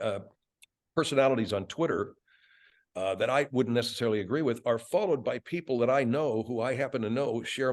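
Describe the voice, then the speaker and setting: An older man, a radio host and voice actor, chatting as a guest with animated, profane, laughing storytelling. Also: medium pitch. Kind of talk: casual interview chat.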